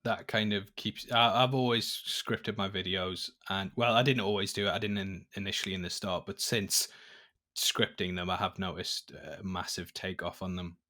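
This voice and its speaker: A man with a lowish voice answers questions in an easygoing, measured way, pausing on the odd filler. His tone is bright and clear rather than dark. He sounds like a guest on a casual call-in podcast. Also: steady tone. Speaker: YouTuber guest. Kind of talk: casual interview chat. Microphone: remote call audio.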